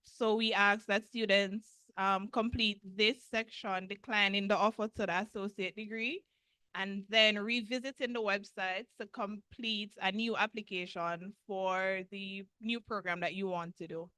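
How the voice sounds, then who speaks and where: A woman representing a university, answering callers' questions in a steady, informative way with frequent pauses. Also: medium pitch, dry recording.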